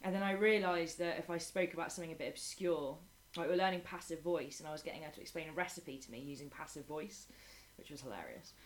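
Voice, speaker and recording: A woman's voice: low voice, fast. A young woman, an English teacher in a casual interview, chatty and swearing lightly as she acts out classroom stories. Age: young adult. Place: Madrid.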